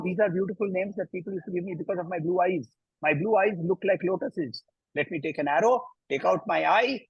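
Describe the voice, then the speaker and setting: A man with an Indian English accent teaching a scripture class, chanting verses slowly and then explaining them with lively emphasis. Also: a little high, breathy edge, no room sound, low-quality recording. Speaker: Gita teacher.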